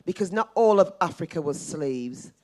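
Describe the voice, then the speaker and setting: Woman, middle-aged, audience member, forceful, emphatic, repeats herself. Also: fairly low pitch, lively intonation, normal speed. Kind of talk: impassioned public comment.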